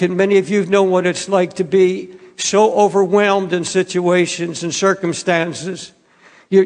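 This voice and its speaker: An older male pastor preaching a sermon in an earnest, pleading way, with quiet, halting passages. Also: high voice, vocal fry, long reverb tail.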